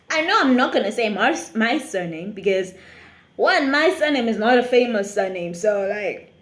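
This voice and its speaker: A South African woman, a YouTuber, telling a lively storytime tale with frequent laughter. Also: sits high, echoey room. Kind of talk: storytime vlog.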